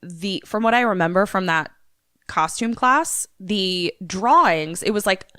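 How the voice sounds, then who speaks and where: A woman co-hosting a podcast who recaps a movie in casual chat, animated and swearing now and then. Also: medium pitch, unhurried, clear, resonant tone, no room sound, clean studio sound. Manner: animated storyteller, swears casually, acts out lines. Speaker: podcast co-host.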